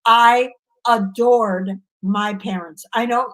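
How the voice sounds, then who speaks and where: A woman with a high, lively voice, chatting as a comedian guest. She tells her stories with animation and slips into other people's voices as she goes. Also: slow pace, rough recording. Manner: animated storyteller who acts out voices. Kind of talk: casual interview chat.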